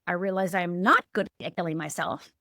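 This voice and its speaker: A woman's voice: fairly quick, bright, forceful tone, no echo, studio quality. A middle-aged woman from Upper Michigan, a life coach telling a painful life story as a podcast guest, earnest and emphatic. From Upper Michigan, USA. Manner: earnest, emphatic, with sudden lifts and drops in pitch. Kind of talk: emotional personal storytelling.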